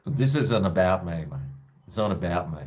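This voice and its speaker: A man's voice: sits low, expressive, normal speed, a little mellow. An Australian man from Brisbane hosting a casual call-in show, with jokey, blokey banter. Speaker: host of a call-in livestream.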